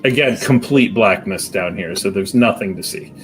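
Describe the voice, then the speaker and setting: A man narrating a tabletop role-playing game as game master, describing scenes in a measured way. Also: lowish voice, soft background music.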